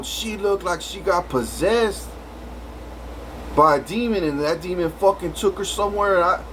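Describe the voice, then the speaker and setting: Man, rambling storyteller, swears constantly, stumbles and restarts, voice a little high. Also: fairly bright tone, slight background noise, rough recording. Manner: rambling, profane, many restarts. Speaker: vlogger.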